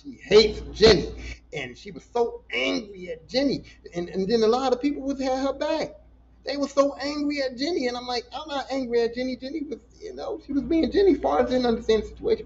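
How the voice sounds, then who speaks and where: A man hosting a casual solo podcast, ranting in an animated, profane way and talking back to his listeners. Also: very high-pitched, muffled recording, a little hiss or hum. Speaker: podcast host.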